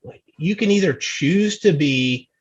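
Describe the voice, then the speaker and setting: A man's voice: a little high, animated, a little slow, husky. A man from New Jersey telling stories as a podcast guest, rambling and restarting his sentences, often laughing at himself. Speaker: amateur racing team member, podcast guest. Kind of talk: casual storytelling. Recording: dull, lo-fi sound.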